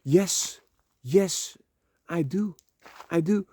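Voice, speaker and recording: Brief: man, mellow low-brightness tone, rambling confessional vlogger, repeats himself, swears freely, dry close sound. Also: extremely slow, slightly rough, no echo. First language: Dutch. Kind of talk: emotional personal vlog monologue. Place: rented room.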